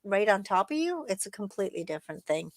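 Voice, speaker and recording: A woman co-hosts a relaxed morning chat in an upbeat, talkative manner. She keeps things friendly and full of little fillers. Her voice sits close to the mic with a dry, dead sound. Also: mid-range voice, fast, no room sound. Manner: chatty, upbeat, frequent fillers. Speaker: co-host. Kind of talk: casual chat.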